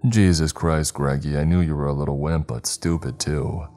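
A man's voice: a bass voice, fairly even intonation, moderate pace, dark tone, faint music behind. A man putting on a sneering, taunting unseen spirit. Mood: mocking. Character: mocking unseen male spirit brother, cruel and condescending.

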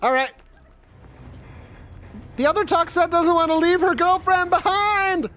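A man's voice: extremely high pitch, measured pace, sharp tone. A man hosting a casual let's-play, chatting playfully with a friend. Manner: playful, jokey, sings snippets. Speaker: channel host. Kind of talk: casual gameplay chat.

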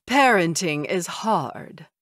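A woman's voice: fairly low pitch, lively intonation, no room sound, studio quality. Woman doing a cosy, motherly female vampire. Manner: warm, drawn-out and motherly. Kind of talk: audiobook character voice.

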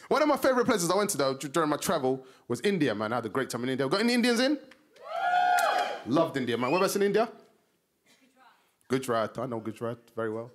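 Lively South London man doing stand-up. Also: on the high side. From Somalia. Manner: animated, acts out characters in voices. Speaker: stand-up comedian. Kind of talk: stand-up comedy set. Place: TV studio stage before a live audience. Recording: live audience laughter behind.

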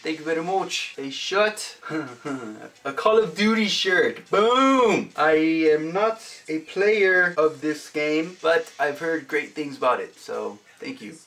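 A man casually chatting as he opens fan mail for his vlog, upbeat and often shouting out exclamations. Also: on the high side, animated, a little slow, few pauses. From United States. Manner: upbeat, punctuates items with loud exclamations. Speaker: vlogger opening fan mail.

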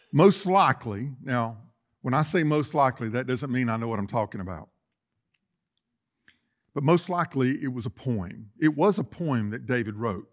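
Folksy pastor preaching. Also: male voice, mid-range voice. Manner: folksy, rising to loud emphatic preaching. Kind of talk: sermon. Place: church sanctuary.

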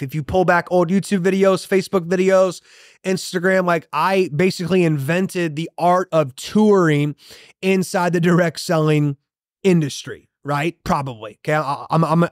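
Emphatic high-voiced male motivational host. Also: dry recording, studio quality. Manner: emphatic, punchy preaching with repeated catchphrases. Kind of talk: motivational monologue.

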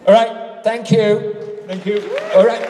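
A man's voice: sits high, takes it slowly, mellow, far from the mic, some chatter behind, slight background noise. A man in his sixties from England with a British accent, answering fan questions on a convention panel in a self-mocking, joking way. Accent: British English. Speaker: convention panel guest actor. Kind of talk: fan Q&A on stage. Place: large convention hall. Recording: echoey hall, voice from off-mic.

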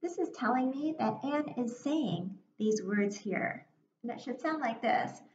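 A woman with a fairly high voice gives a recorded reading lesson to young children. She speaks slowly and clearly, with encouragement and pauses left for answers. The sound is dull, with an echoey room and a faint hiss. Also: animated, a little mellow. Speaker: teacher.

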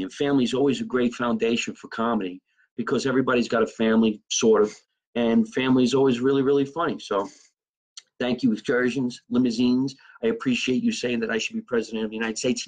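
A man's voice: mid-range voice, darkish tone, poor audio. A man hosting a comedy podcast, telling a rambling, profane, improvised comic story.

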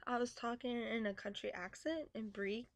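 A woman's voice: fairly high pitch, steady tone, normal speed, no echo. A young woman chatting casually and playfully on a webcam vlog, teasing and giggling. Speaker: vlogger. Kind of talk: casual chat.

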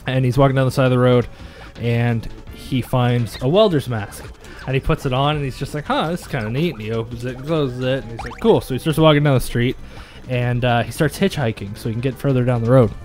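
A man's voice: medium pitch, fairly quick, a little mellow, soft background music. A man co-hosting a casual gaming video, rambling through long jokes and laughing at his own punchlines. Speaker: let's play co-host.

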